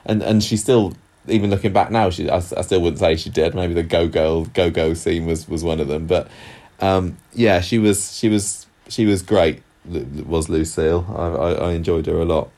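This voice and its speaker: A man's voice: low-pitched, moderate pace, hardly any pauses, warm tone. A man co-hosting a podcast, chatting casually about an old TV soap with frequent fillers and restarts. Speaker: podcast co-host. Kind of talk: casual chat.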